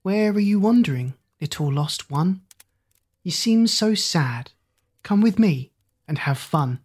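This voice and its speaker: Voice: mid-range voice, expressive, takes it slowly, a little mellow, breathy edge. A reader voicing an eerie male ghost who coaxes a lost child with a raised, sing-song voice. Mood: coaxing.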